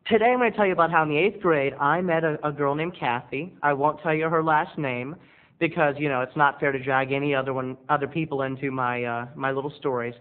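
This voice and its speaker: A man's voice: fairly high pitch, fast, phone-quality sound. A man rambling through a self-mocking comic monologue as a video blogger, talking from his bedroom studio. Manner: rambling, self-mocking, breaks into quoted voices.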